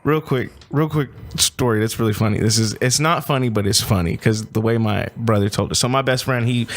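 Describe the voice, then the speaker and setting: A man co-hosting a podcast, telling a rambling story in casual chat with an animated, laughing manner. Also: medium pitch. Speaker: podcast co-host.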